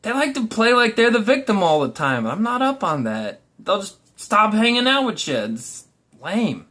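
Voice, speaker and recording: A young man with a high voice rants casually to the camera. He is blunt and profane, and he keeps restarting his sentences as he rambles. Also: sing-song, moderate pace, bright, forceful tone. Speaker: vlogger. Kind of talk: casual ranting monologue.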